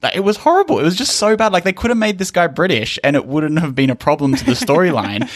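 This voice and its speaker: A man's voice: a little high, big pitch swings, fast, dry recording, studio quality. A man co-hosting a casual podcast chat, telling a story in a wry way. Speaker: podcast co-host.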